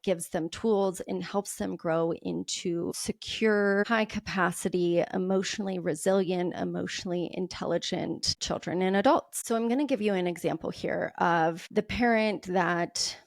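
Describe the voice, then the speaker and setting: Woman podcast host, low gravelly voice, dry close sound, calm explaining. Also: moderate pace, hardly any pauses, dry recording. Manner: calm, explanatory, acts out parent quotes. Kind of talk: solo podcast talk on parenting.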